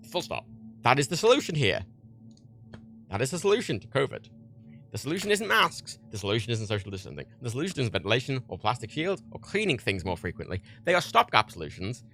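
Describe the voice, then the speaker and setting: A man rants on his livestream, swearing freely and pressing his points with heat. His mid-pitched voice swings up and down with a lively, animated delivery. Faint music plays behind him. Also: brisk, vocal fry. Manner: heated, profane, animated. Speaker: livestream host. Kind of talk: ranting livestream monologue.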